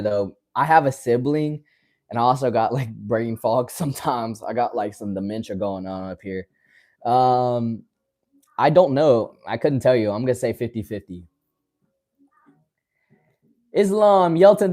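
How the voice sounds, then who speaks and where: A man in his twenties from West Virginia, casually reading and answering viewer comments on his livestream, friendly and quick to laugh. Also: medium pitch, a little mellow. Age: 20s. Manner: friendly, calls viewers brother, laughs often. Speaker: livestream host.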